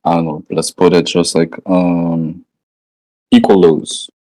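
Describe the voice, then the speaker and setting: His voice is low and mellow, delivered slowly and completely flat, on a low-quality recording. This trading educator reviews charts live in a relaxed, slangy manner, thinking aloud and tossing in "right?" often.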